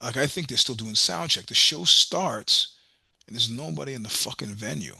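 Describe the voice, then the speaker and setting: A man's voice: mid-range voice, lively intonation, moderate pace, gravelly, bright, forceful tone, slightly rough, no echo. A middle-aged man telling blunt, profane road stories in a casual interview, acting out both sides of each exchange. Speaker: podcast guest, musician.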